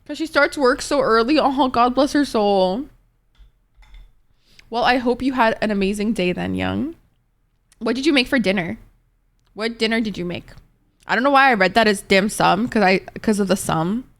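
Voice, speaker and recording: A woman hosting a live stream in a loose, rambling way, answering viewers' messages one after another. Her voice sits a bit high for a woman, and she talks laid-back, packing in filler "likes" and the odd curse word. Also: normal speed, long pauses. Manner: rambling and laid-back, heavy on "like", swears freely; reads out and answers chat messages. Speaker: Twitch streamer. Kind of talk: casual chat with stream viewers.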